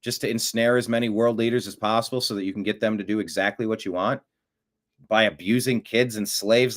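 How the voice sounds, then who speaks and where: A man's voice: lowish voice, fairly even intonation. Opinionated man hosting a talk show. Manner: rambling and opinionated, quick swings from mutter to outburst. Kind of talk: casual political commentary.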